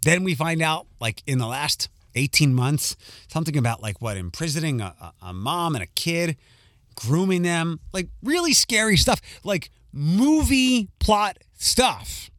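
A man's voice: a little high, animated, unhurried, a bit bright, no echo. Radio guy w/ a slight philly accent, just chatting and rambling, lots of um, dry close mic sound. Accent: light Philadelphia. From Philadelphia area. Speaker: radio host. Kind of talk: casual talk radio monologue.

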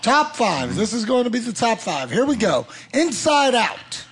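A man's voice: high voice, sing-song, normal speed, fairly bright tone, breathy edge. A man co-hosting a casual podcast, telling a rambling joking story. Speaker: podcast co-host. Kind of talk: casual chat.

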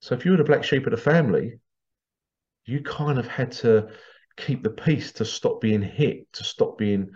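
A man's voice: mid-range voice, moderate pace, a little mellow, muffled recording. A man hosting a podcast monologue, ranting in an indignant, sarcastic way and swearing casually. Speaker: podcast host.

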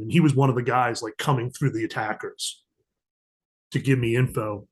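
Man telling war stories, animated. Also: medium pitch, husky. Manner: animated storyteller, acts out quoted dialogue. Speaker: podcast guest, diplomatic security agent. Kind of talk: casual storytelling interview.

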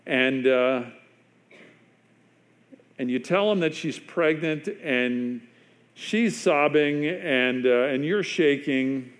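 A man preaching a sermon as a pastor, telling a story with long pauses and dropping to a hushed, quiet voice for emphasis. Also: a little high.

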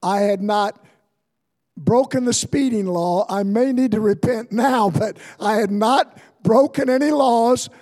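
An older man preaching a sermon as pastor, telling stories and building to fervent shouts. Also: sits high, unhurried. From Ohio, USA. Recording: long hall reverb.

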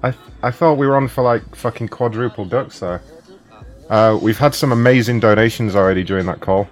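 Man, prank call host, very deep voice, loose sweary banter, faint music behind. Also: brisk. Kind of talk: casual streamed chat.

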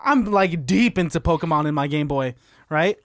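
A man tells a rambling story on a casual podcast, laughing at himself as he goes. His voice is notably high. The recording is dry and close. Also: expressive, normal speed, fairly bright tone, dry recording. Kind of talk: casual chat.

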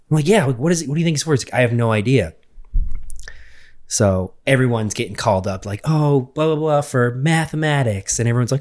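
A man's voice: medium pitch, brisk. A young man telling a school story in casual chat, swearing a lot and acting out what people said. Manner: profane, animated storytelling with quoted voices.

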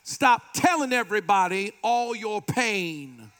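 Man, pastor, sermon, very high voice, animated, playful asides. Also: takes it slowly. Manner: animated preaching with call-and-response and playful asides.

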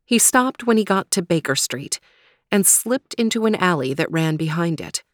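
Woman reading a kids' story, low voice, steady, dry close sound. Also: normal speed, no echo. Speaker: narrator.

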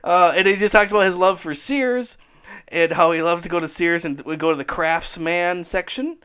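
A man's voice: high voice, steady tone, moderate pace, bright, forceful tone, clean tone. A man hosting a casual podcast chat, rambling enthusiastically and laughing often. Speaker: podcast host.

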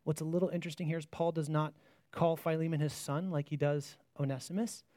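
High-voiced man preaching a sermon. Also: fairly even intonation, a little fast, warm tone, dry recording, clean studio sound. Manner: earnest, repeats words as he restarts phrases; asks the listeners rhetorical questions.

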